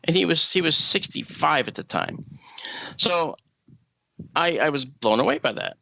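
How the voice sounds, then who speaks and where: A man telling a personal story as a radio show guest, animated and acting out the dialogue. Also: on the high side, unhurried, gravelly, a little hiss or hum, poor audio.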